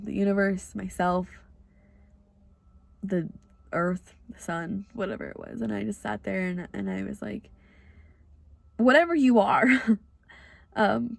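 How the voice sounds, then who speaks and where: A woman's voice: medium pitch, gravelly, no echo. A young woman with an American accent hosting a podcast, telling a personal story in a rambling, earnest way with lots of "like" fillers. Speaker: podcast host.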